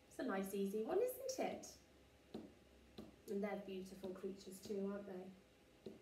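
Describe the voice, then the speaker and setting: Slow, clear woman teacher. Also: mid-range voice, huge pitch swings, warm tone, far from the mic, a little hiss or hum. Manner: slow, clearly modelled words for children to repeat. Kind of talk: children's language lesson. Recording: echoey room, voice from off the mic.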